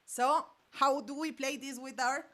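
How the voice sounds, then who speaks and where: A woman's voice: sits high, steady tone, measured pace. Woman teaching drum rhythms. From Colombia. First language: Spanish. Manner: counts rhythms aloud with vocal syllables while drumming. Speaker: percussion teacher. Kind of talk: music master class. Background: hand drums and percussion.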